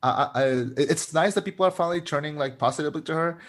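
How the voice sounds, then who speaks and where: A man's voice: fairly high pitch, very fast. A man co-hosting a podcast, chatting casually about a film, rambling with restarts and frequent laughs. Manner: rambling, many restarts and fillers, laughs often. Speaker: podcast co-host. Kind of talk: casual film review chat.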